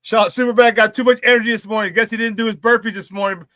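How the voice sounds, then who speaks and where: A man hosts a live sports talk stream, loud and excitable, shouting catchphrases and bantering with viewers in the chat. His voice is high, bright and sharp, and he talks fast. The mic is close and dry, with no room sound.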